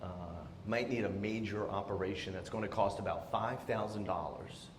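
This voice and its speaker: A man playing a calm, businesslike veterinarian with a flat, polite delivery. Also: lowish voice, moderate pace, background noise, voice pushed down, lightly acted. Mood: deadpan polite. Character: matter-of-fact male veterinarian, calm and businesslike. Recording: roomy theatre echo.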